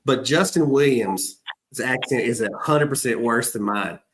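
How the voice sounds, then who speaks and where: Joking Southern podcast host, easygoing. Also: male voice, mid-range voice, measured pace, noisy background. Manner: rambling, joking, laughs often. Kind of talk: casual chat.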